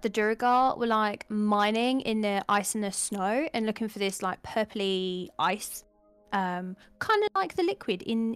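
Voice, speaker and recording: A woman's voice: a little high, clear, resonant tone. A woman playing a tabletop game, casually chatting and recapping events with lots of "like"s. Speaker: player.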